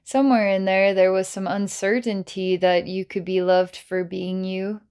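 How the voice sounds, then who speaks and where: Woman psychic healer, guided healing session, playful and giggly, mid-pitched. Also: level tone, moderate pace, a little mellow, clean tone. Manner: playful and giggly, with many filler words.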